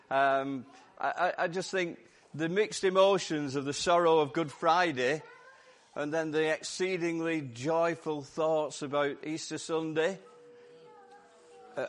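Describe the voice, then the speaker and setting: Bright-voiced Lancashire preacher, hoarse. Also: male voice, fairly high pitch. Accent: Lancashire English. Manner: lively, jokey and exclamatory. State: voice going hoarse. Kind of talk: sermon. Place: church service.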